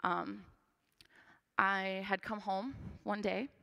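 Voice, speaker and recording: A woman's voice: mid-range voice, fairly even intonation, slow pace, vocal fry, pushed and bright. Young woman giving an earnest church testimony. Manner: earnest and conversational, with frequent fillers. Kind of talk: personal testimony storytelling. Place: church sanctuary. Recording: long church hall reverb.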